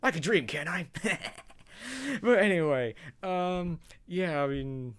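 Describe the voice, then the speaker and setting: A man's voice: on the high side, expressive, slow, a bit bright, clear, resonant tone. A man casually talking through his thoughts on a cartoon episode, rambling and hesitant, with frequent chuckles. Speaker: show reaction vlogger. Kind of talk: casual spoken commentary.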